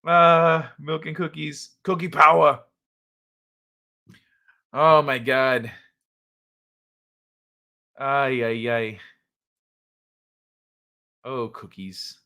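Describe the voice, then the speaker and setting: A man's voice: mid-range voice, extremely slow, long pauses. A man hosting a late-night livestream, chatting casually with viewers, laughing often and swearing while retelling stories. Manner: laughs a lot, swears, quotes people in animated voices. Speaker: livestream host. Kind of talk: casual chat with live chat.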